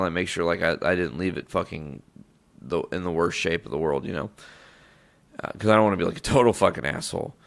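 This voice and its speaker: A low-voiced man with a gravelly, fry-heavy tone, spinning a casual podcast story. He swears freely and keeps cutting himself off to restart his sentences, so it wanders in a loose, unpolished way. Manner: rambling, profane, self-interrupting. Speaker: podcast host.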